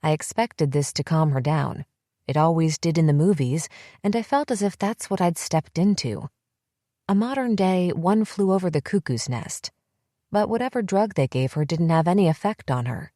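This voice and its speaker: A woman reading a psychological thriller audiobook in steady, measured first-person narration. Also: on the low side, no room sound, clean studio sound.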